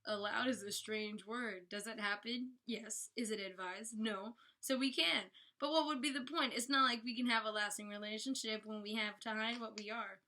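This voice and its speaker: A woman reading aloud as a guarded, earnest young male alien, in a soft, low-key way. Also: steady tone, moderate pace, hardly any pauses.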